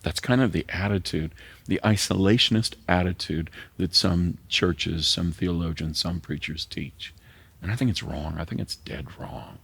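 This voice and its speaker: A man's voice: low-pitched, moderate pace, a bit bright, no room sound. An older man preaching a sermon as pastor, earnest and heartfelt, sometimes dropping to a near-whisper for emphasis. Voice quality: gravelly, husky voice.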